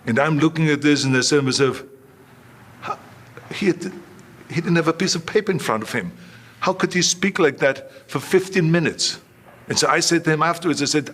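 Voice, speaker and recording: An older man speaks as an interview guest at an everyday pitch. He tells his stories emphatically, repeating himself and acting out bits of dialogue. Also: fairly quick, fairly bright tone. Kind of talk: anecdotal storytelling in an interview.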